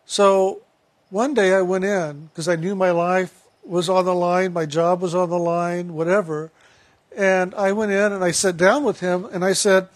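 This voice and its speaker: A man's voice: high voice, steady tone, measured pace. A man earnestly telling a personal story, retelling a conversation step by step.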